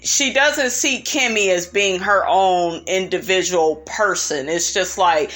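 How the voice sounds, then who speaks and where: A woman's voice: medium pitch, expressive, a little slow, hardly any pauses, fairly bright tone. A woman recapping a reality TV episode in a sassy, opinionated gossip style, calling her listeners honey and child.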